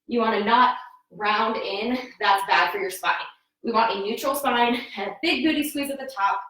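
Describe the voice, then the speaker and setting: A woman's voice: a little high, normal speed, sharp tone, distant mic. A woman fitness coach, a bit winded, giving upbeat form cues while exercising at home. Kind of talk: live workout instruction. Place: home room. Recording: echoey room, voice from off-mic.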